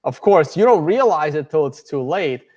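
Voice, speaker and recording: A man's voice: fairly high pitch, lively intonation, moderate pace, a little mellow. A man giving a casual live lecture with slides, rambling with many fillers and restarts. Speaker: guest speaker. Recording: dull lo-fi lecture recording.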